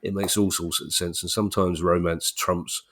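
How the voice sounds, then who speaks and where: Low-voiced chatty male podcast host. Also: steady tone, moderate pace, a bit bright. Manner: chatty and jokey, with frequent restarts. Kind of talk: casual chat.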